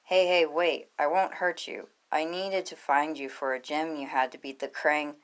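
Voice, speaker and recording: A woman's voice: deep voice, fairly even intonation, normal speed, clean tone, lightly acted. A woman voicing an earnest, nervous teenage boy hero in a read-aloud story.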